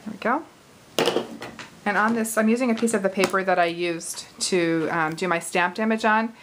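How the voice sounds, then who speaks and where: A woman's voice: mid-range voice, normal speed, fairly bright tone, low-quality recording. Friendly craft host, woman in her forties, talks while she works, light laughs, slight hiss behind. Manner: chatty, laughs easily, thinks aloud while working. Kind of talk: casual card-making tutorial.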